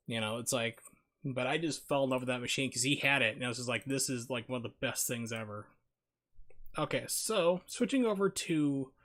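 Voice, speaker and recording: A man streaming a retro game, chatting casually in a rambling, filler-heavy way and quick to break into a rant. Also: mid-range voice, fairly bright tone. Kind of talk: casual live-stream chat while gaming. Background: game music.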